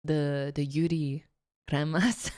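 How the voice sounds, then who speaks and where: A woman's voice: sits low, very animated, drawn-out words, darkish tone, no echo, studio quality. A woman streamer giving casual watchalong commentary, giggling often and rambling with fillers and restarts. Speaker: VTuber streamer.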